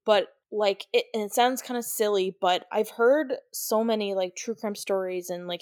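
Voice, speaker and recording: A young woman talks in a loose, giggly way, scattering fillers as she chats through a film recap. Her voice sits at an ordinary middle pitch. It is recorded dry and close on a podcast mic. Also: darkish tone, no room sound. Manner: chatty, giggly, many "like" fillers. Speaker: podcast co-host. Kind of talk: casual movie recap chat.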